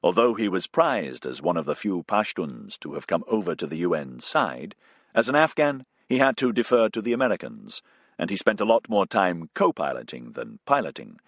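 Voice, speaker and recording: A man narrating a science fiction audiobook in an expressive reading style. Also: sits low, moderate pace, no room sound.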